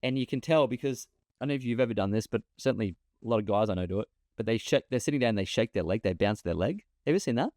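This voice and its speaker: A man talking as a podcast guest over a remote call, an animated storyteller who often repeats himself. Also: lowish voice, fast, dry recording. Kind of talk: casual interview talk.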